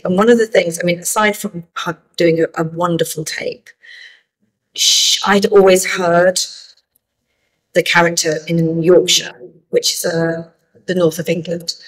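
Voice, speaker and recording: A woman's voice: on the low side, breathy edge, low-quality recording. A middle-aged woman film director answering interview questions thoughtfully, with frequent restarts. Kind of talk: festival interview.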